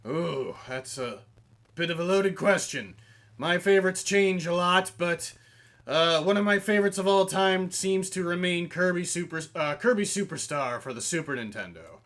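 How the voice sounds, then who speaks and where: Man doing a gruff bad cop, gravelly and bright, mock-formal, wide-ranging. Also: high voice, animated, moderate pace. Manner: theatrical, formal phrasing. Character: gruff male bad-cop officer, sometimes piratey. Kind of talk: in-character streaming chat.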